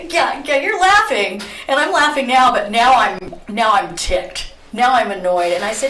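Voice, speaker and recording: A middle-aged woman hosting a talk radio show, telling a story in a lively, chatty way and often breaking into laughter. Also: a little high, normal speed, hardly any pauses, a little hiss or hum. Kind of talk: casual talk radio monologue. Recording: roomy echo.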